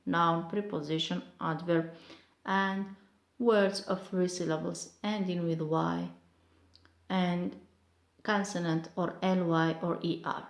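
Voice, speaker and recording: A woman, teaching English word stress slowly and carefully, repeating each example word. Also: fairly low pitch, fairly even intonation, gravelly, reverberant. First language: Arabic. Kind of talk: online pronunciation lesson.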